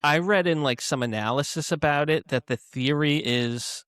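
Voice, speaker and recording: A man co-hosting a political podcast who recounts news in a wry, deadpan way and sometimes stammers. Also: fairly high pitch, normal speed, clear, resonant tone, no echo, clean studio sound. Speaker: podcast co-host. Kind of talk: casual political chat.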